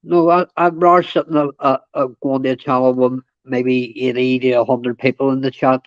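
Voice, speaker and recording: A man's voice: medium pitch, level tone, normal speed, no echo. A man, a guest on a livestream panel, swearing and calling people mate and darling. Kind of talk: casual livestream chat. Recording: dry lo-fi call audio.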